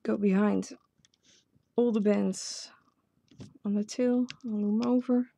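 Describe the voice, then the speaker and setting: A woman's voice: medium pitch, steady tone, slow pace, gravelly, warm tone, no room sound. A woman with a Dutch accent, a native Dutch speaker, hosting a casual step-by-step craft tutorial and chatting to herself as she works. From Netherlands. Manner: chatty, self-talking while working.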